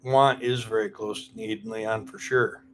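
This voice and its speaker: A man's voice: on the low side, little pitch movement, measured pace, fairly bright tone, slight background noise. A man hosting a casual live stream, rambling, teasing and greeting viewers by name.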